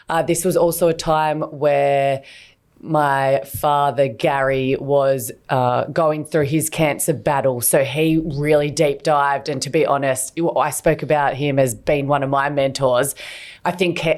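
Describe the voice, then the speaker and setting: A woman's voice: low voice, darkish tone. A woman co-hosting a podcast, talking in a candid, chatty way with lots of fillers and restarts. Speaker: podcast co-host. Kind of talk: casual chat.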